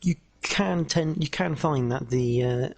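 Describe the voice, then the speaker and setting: A man who races in the series, calmly explaining lap times during a live stream. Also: fairly high pitch, a little slow, creaky. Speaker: racer and co-commentator. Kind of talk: casual race analysis.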